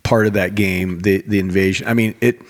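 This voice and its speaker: A middle-aged man, a father hosting a podcast, telling animated, rambling stories in casual chat. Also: deep voice, a little fast.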